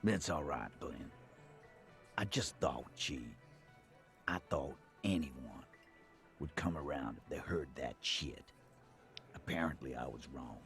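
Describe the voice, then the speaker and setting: An actor playing a burly, hot-tempered male gang boss in a video game, gruff and swearing. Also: extremely low pitch, lively intonation, slow pace, pauses often, fairly bright tone, soft background music, heavily acted. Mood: subdued.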